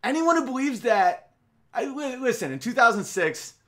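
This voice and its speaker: A man's voice: very high-pitched, very animated, moderate pace, sharp tone. A man hosting a podcast, delivering a casual comedic monologue in a rambling, profane, emphatic way.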